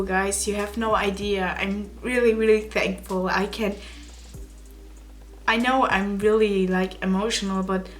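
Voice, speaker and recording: A woman's voice: mid-range voice, a bit bright. A young woman with a German accent, a native German speaker, chatting casually to her camera as a beauty vlogger, giggling, apologizing and searching for English words.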